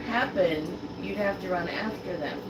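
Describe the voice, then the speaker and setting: Woman, tabletop player, easygoing, mid pitch, distant, noisy background. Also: a little slow. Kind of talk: tabletop game table talk. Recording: distant mic with background noise.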